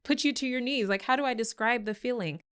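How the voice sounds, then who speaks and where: Smooth-voiced woman podcast host. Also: on the high side, quick pace, fairly bright tone. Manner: earnest and reflective, agreeing often. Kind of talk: casual conversation.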